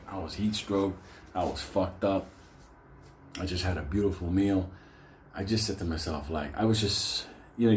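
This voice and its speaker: A man's voice: darkish tone, reverberant, slight background noise. Profane man telling a wild story. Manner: profane, laughs often, raises his voice high for quoted lines. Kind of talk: casual comic storytelling.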